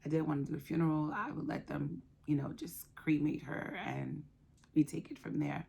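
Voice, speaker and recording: A woman in her thirties telling a personal story of loss, soft-spoken and halting, with many pauses. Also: low-pitched, fairly even intonation, gravelly, breathy edge. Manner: emotional, quietly reliving a loss. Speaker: guest sharing her story.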